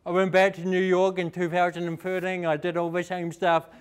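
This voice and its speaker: A young man from New Zealand with a New Zealand accent, giving a fast, emphatic motivational talk and asking the audience questions. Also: sits high, monotone, clear, resonant tone. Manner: fast-talking, rising and falling for emphasis, asks the audience questions. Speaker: inspirational speaker. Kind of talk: motivational speech.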